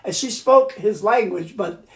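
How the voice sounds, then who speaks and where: Speaking at a measured pace in a high, creaky voice, an older New York City accordion player tells chatty, profane stories about his family. The casual interview is recorded in a room of his Queens home, with roomy echo.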